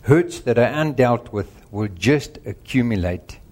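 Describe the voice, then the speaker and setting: A man's voice: mid-range voice, lively intonation, measured pace, darkish tone. A middle-aged man preaching a sermon, earnest and emphatic, working through numbered points and speaking directly to the congregation. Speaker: pastor.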